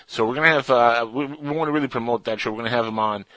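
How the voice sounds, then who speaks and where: A man's voice: medium pitch, racing, a bit bright, no echo, rough recording. A man hosting a radio show, chatting in a playful, goofy and rambling way. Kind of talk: casual radio banter.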